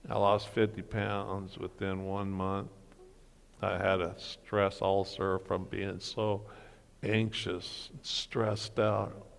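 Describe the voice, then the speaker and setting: A middle-aged man giving an earnest personal testimony as a guest speaker, telling his story slowly. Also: deep voice, flat delivery, gravelly, in a large hall. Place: church hall breakfast gathering.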